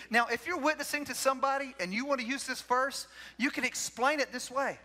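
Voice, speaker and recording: High, bright-voiced preacher man. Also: fairly quick. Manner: emphatic, repeats key phrases, leads the congregation in call-and-response. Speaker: pastor. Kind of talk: sermon. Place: church sanctuary.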